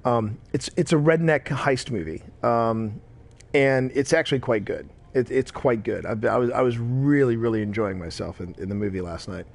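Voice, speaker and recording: With a gravelly, medium-pitched voice at normal speed, a tired middle-aged man rambles through casual chat during a game stream. He repeats himself and breaks off to react to the gameplay.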